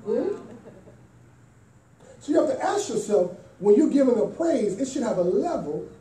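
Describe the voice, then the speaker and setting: A man preaching a sermon in a church sanctuary, building from plain teaching to impassioned shouts in a call-and-response style. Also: very high voice, very animated, normal speed. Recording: echoey church hall, voice from far off.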